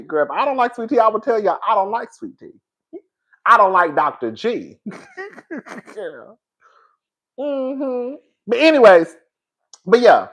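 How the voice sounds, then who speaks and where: A man hosting a casual reality TV review, talking in an animated, sassy way with frequent laughs and calling his viewers "girl.". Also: sits high, slow pace, pauses often. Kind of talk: casual opinionated commentary.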